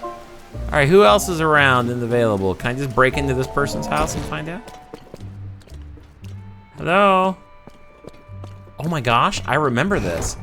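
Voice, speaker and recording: A man's voice: fairly high pitch, expressive, a little slow, gravelly, pauses often, sharp tone, soft background music. A man hosting a let's play, chatting and reacting aloud as he plays through a game. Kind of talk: gaming commentary.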